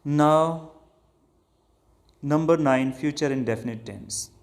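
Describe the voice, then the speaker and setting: A male English teacher with a Pakistani English accent, whose first language is Urdu, walks through grammar rules at an unhurried, deliberate pace. His voice carries a gravelly roughness, and he often pauses on fillers while he works out each point. He sounds like a classroom instructor talking through examples one by one. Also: on the high side. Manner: slow, deliberate explaining with frequent uh fillers. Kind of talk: grammar lesson.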